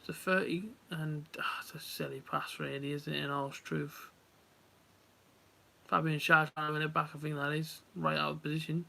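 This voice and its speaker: Bright-voiced man streaming live. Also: on the high side, little pitch movement, normal speed, creaky. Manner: chatty, rambling, talks straight to viewers. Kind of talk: casual live match watch-along chat.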